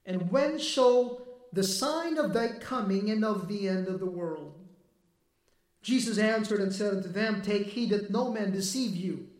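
A man delivers a sermon, pressing his points with emphatic, swelling force that nears a shout. His voice sits remarkably high for a man. The room around him rings with echo. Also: measured pace. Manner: emphatic preaching, rising to near-shouting. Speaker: preacher.

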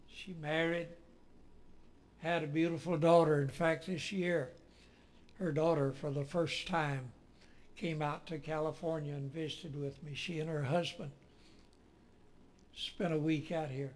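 A man's voice: fairly high pitch, little pitch movement. A man preaching a sermon in a folksy, storytelling way, rising dramatically when he quotes. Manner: folksy, slow, with dramatic rises when quoting.

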